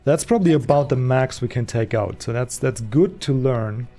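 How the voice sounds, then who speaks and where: Gravelly let's play host. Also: male voice, medium pitch, moderate pace, dark tone. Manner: chatty, thinking aloud with fillers. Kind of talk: casual gameplay commentary. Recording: voice over game audio.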